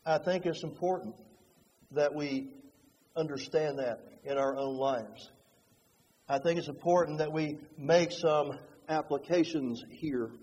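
A man preaching a sermon, moving between hushed, slow passages and fervent, rising ones. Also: fairly high pitch, husky, dull audio. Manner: dynamic, swings from hushed to fervent. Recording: long hall reverb.

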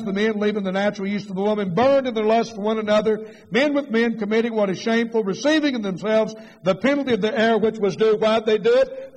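High-voiced middle-aged preacher, reverberant hall. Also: male voice, a little mellow. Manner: emphatic, rhetorical questions, rising to raised passionate pitch. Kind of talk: sermon. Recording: long reverb of a large hall.

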